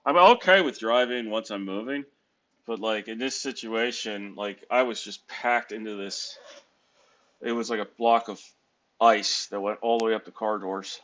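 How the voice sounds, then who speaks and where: Low-voiced tired American man vlogging. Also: moderate pace, fairly bright tone, muffled recording. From United States. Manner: rambling, self-correcting, wry. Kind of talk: casual vlog monologue. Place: hotel room.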